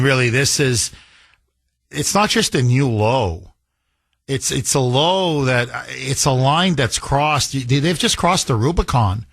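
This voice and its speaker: Combative talk radio host, high bright voice. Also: male voice, no room sound, clean studio sound. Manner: combative, sarcastic, rapid-fire. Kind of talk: political talk radio commentary.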